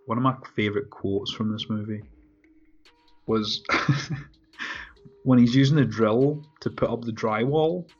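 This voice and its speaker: A man talking loosely about a film, dropping curses and chuckling as he acts out the scenes. His voice sits at an ordinary middle pitch. The audio is dull and lo-fi, with faint music underneath. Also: takes it slowly, pauses often, slightly rough. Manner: profane, animated, laughs often. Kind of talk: casual movie discussion.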